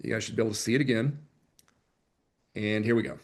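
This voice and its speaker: A man running a live online sales training, chatty and energetic, joking about himself as he coaches. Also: fairly low pitch, quick pace. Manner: energetic, chatty, self-deprecating. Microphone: computer mic on a video call.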